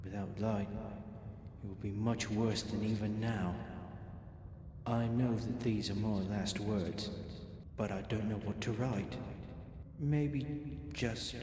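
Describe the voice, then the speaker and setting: A man voicing a trapped, injured miner reading his last diary entries in a slow, grim, resigned way. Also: lowish voice, steady tone, background noise. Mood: grim, despairing. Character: dying trapped male miner writing a diary. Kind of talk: voiced game diary reading. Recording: roomy game audio with long reverb and music.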